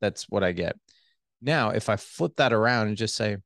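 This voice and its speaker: A man's voice: fairly low pitch, moderate pace, dry recording, studio quality. A middle-aged man, a relationship coach on a podcast, animatedly explaining communication skills and acting out voices. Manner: animated, acts out voices of his wife and himself. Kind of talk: podcast interview, advice.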